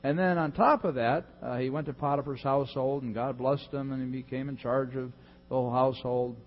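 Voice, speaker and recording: A man's voice: medium pitch, fairly even intonation, a little fast, big-room sound, dull audio. A man preaching a conversational sermon as pastor, chatty and joking with many fillers and asides.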